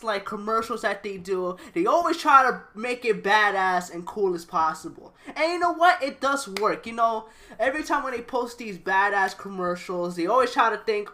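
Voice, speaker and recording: Lively, high-voiced woman ranting. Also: normal speed. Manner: swears constantly, breaks into laughter. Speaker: gaming video creator. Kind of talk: profane reaction rant.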